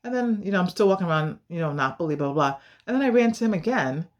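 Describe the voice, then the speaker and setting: A woman's voice: on the low side, fast, lo-fi sound. An American woman giving advice in a casual vlog, telling stories in an emphatic, direct way and acting out the voices of the people she quotes. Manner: animated storyteller, acts out quoted voices.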